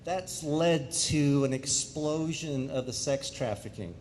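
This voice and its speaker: Middle-aged man from England, energetic public speaker, somewhat high voice, faint rumble behind. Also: slow pace. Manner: animated, joking with the audience. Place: school auditorium.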